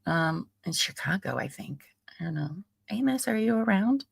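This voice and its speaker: A woman's voice: medium pitch, lively intonation, moderate pace, creaky, breathy edge, dry recording. A woman in her late thirties hosting a live stream, chatting casually in a rambling way and laughing often. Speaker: livestream host.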